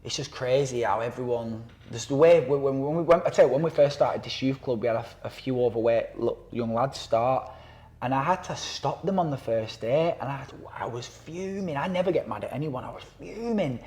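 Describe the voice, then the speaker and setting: A man's voice: mid-range voice, brisk. A man, a campaigner talking casually on a podcast, rambling with fillers and restarts and acting out quotes in voices. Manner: animated storyteller who acts out quotes in voices. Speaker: anti-knife-crime campaigner and guest.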